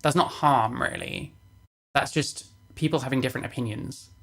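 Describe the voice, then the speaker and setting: A woman's voice: extremely low pitch, moderate pace, fairly bright tone. A woman reacting to a video on stream, sarcastic, swearing and dismissive in casual commentary.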